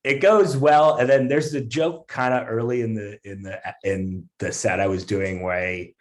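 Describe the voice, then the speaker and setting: A male comedian, a guest on a podcast, telling a story in a casual, animated way with lots of fillers and restarts. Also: lowish voice, moderate pace.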